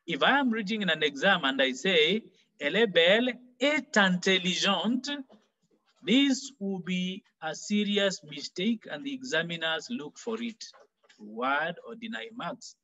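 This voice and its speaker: A man teaching a French lesson for exam preparation, explaining slowly and repeating example phrases. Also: fairly high pitch, very animated, pushed and bright, muffled recording. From Kenya. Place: online class.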